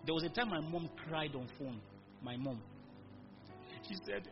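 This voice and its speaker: A man's voice: on the high side, expressive, measured pace, creaky. A man preaching a sermon in church, calling on the congregation to repeat his words. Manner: emphatic call-and-response preaching. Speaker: pastor. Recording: dull recording with music behind. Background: music.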